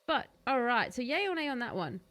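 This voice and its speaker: A woman's voice: on the high side, sing-song, fairly quick, fairly bright tone. A woman streaming a video game, chatting casually with her viewers and laughing often. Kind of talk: casual gaming live-stream commentary.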